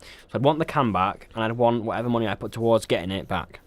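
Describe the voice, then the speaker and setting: A man's voice: on the low side, fast talker, no room sound. A young man co-hosting a podcast in casual chat, rambling with frequent ums and restarts. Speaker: podcast co-host.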